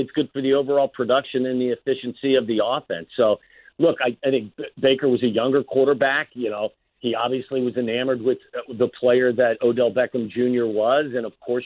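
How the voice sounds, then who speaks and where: A man's voice: medium pitch, dry recording. A man, a former wide receiver, talking football as a guest on sports radio in a plainspoken, earnest way. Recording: dry phone line.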